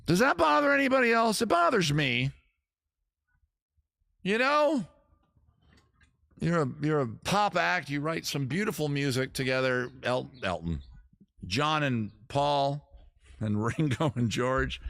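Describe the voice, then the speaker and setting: A man's voice: medium pitch, creaky, a bit bright, dry recording, studio quality. A man hosting a casual music and drinking show, rambling through self-mocking jokes between songs. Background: guitar music.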